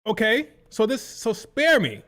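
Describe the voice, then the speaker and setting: A man's voice: very high-pitched, wildly swooping pitch, unhurried, a bit bright. A man hosting a live-stream reaction, ranting heatedly with profanity and exasperation while reading chat. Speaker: livestream host.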